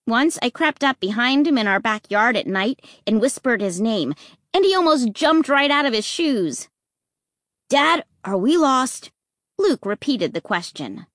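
A woman narrating a children's story in an expressive, measured way. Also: on the high side, dry recording, studio quality.

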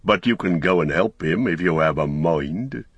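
A man doing a gruff rustic hobbit farmer. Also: low voice, moderate pace, no echo, lo-fi sound, exaggerated voice. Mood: hearty. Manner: blunt, rustic, excitable. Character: gruff middle-aged male hobbit farmer.

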